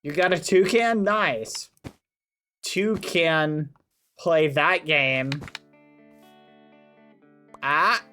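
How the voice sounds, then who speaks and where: A man's voice: a little high, drawn-out words, long pauses, pushed and bright, faint music behind. A young man chatting playfully with viewers during a casual live game stream. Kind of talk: casual live-stream chat while playing.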